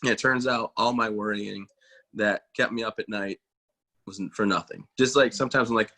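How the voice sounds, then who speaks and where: A man's voice: fairly low pitch, steady tone, moderate pace, bright, forceful tone. A man in his thirties, an army veteran, telling stories in a casual interview, folksy and self-mocking, acting out quoted voices. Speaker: guest, army veteran and motivational speaker.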